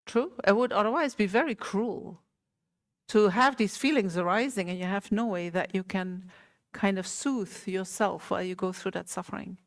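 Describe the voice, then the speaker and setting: The speaker is a female teacher in a meditation center hall, offering a small group an unhurried Buddhist talk. Gentle and medium-pitched, she often asks the listeners questions.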